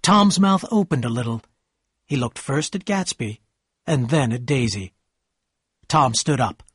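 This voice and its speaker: Male narrator, steady storybook reading, slightly husky, dry close sound. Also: mid-range voice, a little slow, dry recording.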